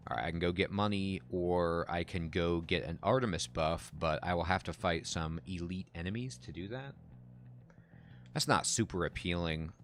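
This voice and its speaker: Low-voiced man chatting over a game. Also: a bit bright, a little hiss or hum. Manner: chatty, reacts aloud to the action. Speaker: game streamer. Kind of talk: casual gameplay commentary.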